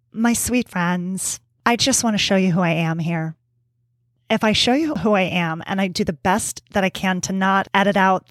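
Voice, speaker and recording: A woman in her forties talks to her listeners in a personal podcast monologue, candid and heartfelt, with the odd casual curse and easy laughter. Her voice sits at an ordinary middle pitch and comes through close and dry, with no room sound. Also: dry recording. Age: 40s. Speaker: podcast host.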